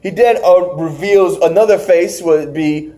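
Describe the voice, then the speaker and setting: A man hosting a casual wrestling review podcast, recapping matches with animated retellings and acted-out lines. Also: fairly high pitch, unhurried. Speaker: podcast host.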